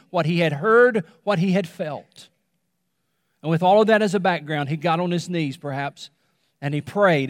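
Male pastor, slightly high voice, dry close mic with long hall tail, dramatic hushed drops, repetitive emphatic sermon delivery. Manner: dramatic pauses, repetition, drops to a hush on key words.

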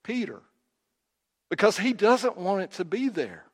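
A man preaching a sermon, telling the story dramatically and swinging from loud to quiet. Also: high voice, very animated, a little slow. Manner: storytelling, acts out quotes, rises and drops in volume. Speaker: pastor. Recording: long hall reverb.

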